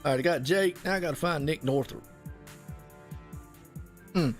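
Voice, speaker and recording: A man doing live play-by-play commentary on a sim race, folksy and excitable, dropping y'all and ain't as he talks. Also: on the high side, normal speed, soft background music.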